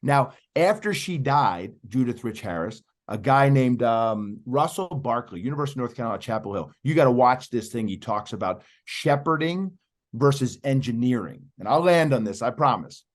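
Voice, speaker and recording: A man's voice: medium pitch, expressive, moderate pace. A middle-aged man speaking emphatically as a podcast guest, persuading the host and calling him by name. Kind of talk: animated interview talk.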